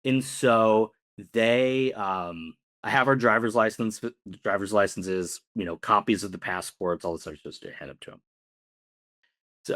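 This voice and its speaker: Low-voiced man telling a story. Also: measured pace. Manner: animated anecdote-telling with many fillers. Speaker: podcast co-host. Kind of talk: casual storytelling.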